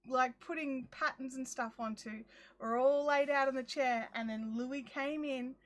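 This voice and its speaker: A woman hosting a crafting livestream from her backyard shed, chatting casually and acting out her own lines as she tells a story. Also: high-pitched. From Australia. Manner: chatty and animated, acts out her own quotes. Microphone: phone.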